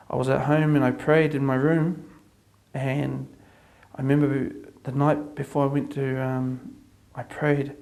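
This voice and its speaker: A man with a New Zealand accent giving an earnest personal testimony, repeating phrases as he builds up excitement. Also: mid-range voice, gravelly. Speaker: convert sharing his testimony.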